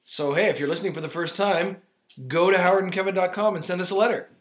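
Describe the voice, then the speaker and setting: A man's voice: sits high, fairly even intonation, quick pace. A man co-hosting a comedy podcast, playful and rambling, musing about trivia in casual banter. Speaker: podcast co-host.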